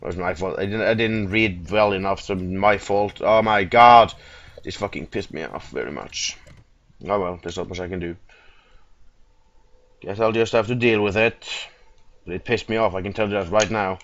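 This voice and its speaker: A man's voice: on the low side, steady tone, normal speed, fairly bright tone, highs cut off. A young man giving game commentary, swearing a lot and getting frustrated easily. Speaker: gamer.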